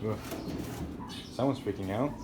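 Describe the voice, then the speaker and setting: A woman's voice: a bass voice, measured pace. A woman caring for rescued birds, talking to them in a playfully scolding, affectionate way. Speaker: animal caretaker. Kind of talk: casual vlog, talking to animals. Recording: loud bird noise behind the voice. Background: loud bird calls and chirping.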